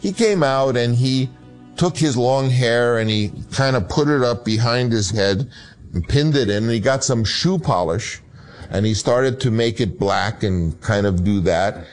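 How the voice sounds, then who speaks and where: Male filmmaker, archive interview, lively storyteller, mid pitch. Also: unhurried, faint music behind. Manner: animated, acts out voices in anecdotes. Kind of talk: anecdotal storytelling.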